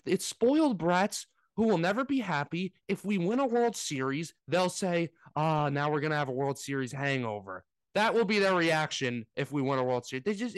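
Ranting podcast guy, kinda high voice, jumps all over the place, dry close mic. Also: no room sound. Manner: animated ranting, mocking impressions. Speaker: podcast co-host. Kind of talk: casual sports talk.

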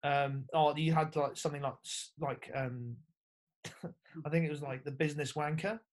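A man's voice: on the high side, steady tone, normal speed. Laid-back young man telling rugby stories. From England. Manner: laid-back, storytelling with lots of fillers and swearing. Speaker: podcast guest, former rugby player. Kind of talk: casual chat.

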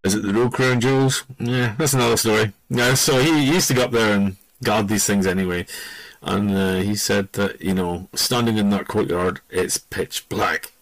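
Low-voiced rambling middle-aged man. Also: normal speed, no room sound, low-quality recording. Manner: rambling and digressive, loses the thread. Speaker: podcast host. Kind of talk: casual spoken storytelling.

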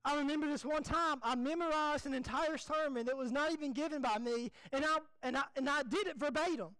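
A young man, a pastor preaching a folksy, animated, self-deprecating sermon. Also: extremely high pitch, fairly quick, no room sound, poor audio.

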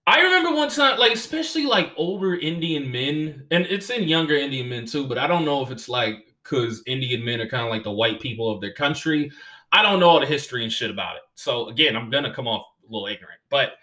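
A comedian and podcast host telling stories in a casual, profane, animated way and laughing as he goes. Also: mid-range voice, fast. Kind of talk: casual storytelling chat.

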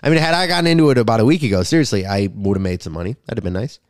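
A man hosting a comedy podcast, ranting in a crude, profane, rambling way with sudden loud outbursts. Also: fairly low pitch, animated, very fast, no room sound, clean studio sound. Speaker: podcast host.

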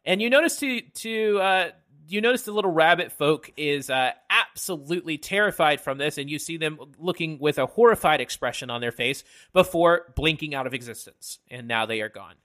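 Game master, man, bright tense voice, halting narration full of fillers. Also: fairly high pitch, expressive.

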